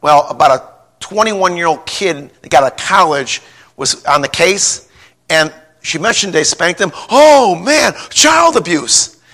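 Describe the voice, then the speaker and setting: A middle-aged man preaching a folksy sermon, telling a personal story in a rambling way, repeating words and rising to a shout when stirred. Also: on the high side, normal speed. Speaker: pastor.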